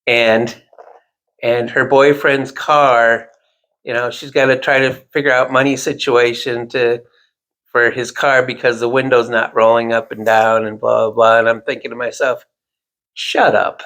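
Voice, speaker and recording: A man's voice: medium pitch, flat delivery, moderate pace, fairly bright tone. A man telling a long, rambling personal anecdote in casual chat, with self-deprecating asides.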